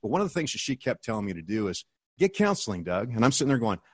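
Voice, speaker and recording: Middle-aged American man, podcast guest; emphatic, heartfelt storyteller; low voice, dry studio sound. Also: big pitch swings, very fast, husky, no echo. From United States. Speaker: guest, author and speaker.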